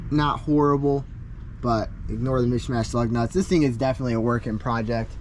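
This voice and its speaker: A man giving a casual walkaround of his car outdoors, talking in a halting way with many ums and restarts. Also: medium pitch, a little hiss or hum. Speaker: car vlogger.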